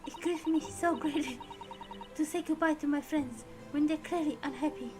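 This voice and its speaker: A woman reading game dialogue aloud as a polite, formal young Japanese woman, soft and measured. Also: high voice, over music, natural voice. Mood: gently reproachful.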